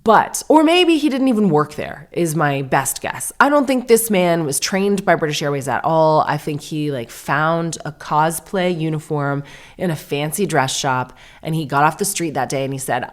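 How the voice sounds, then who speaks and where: A woman's voice: sits low, big pitch swings, normal speed. A woman podcast host in her thirties, chatty and self-deprecating, telling a long story and acting out the dialogue. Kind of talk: casual storytelling monologue.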